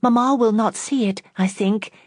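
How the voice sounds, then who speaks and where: A woman's voice: fairly high pitch, normal speed, dry recording, clean studio sound, voice pushed up, natural voice. A woman doing a faint, insistent young woman. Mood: pleading. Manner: faint but insistent, pleading. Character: injured, earnest young woman, determined.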